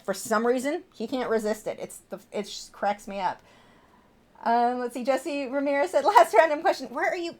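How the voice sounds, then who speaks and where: A woman in her thirties, an artist chatting casually on her livestream, answering viewer questions and cooing at her pet bird. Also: on the high side.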